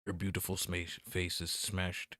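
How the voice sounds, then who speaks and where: A man's voice: low voice, flat delivery, measured pace, sharp tone, dry recording. A man streaming a game, reading its text aloud with jokey, mock-dramatic commentary into a desk mic. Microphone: desk mic with noise gate.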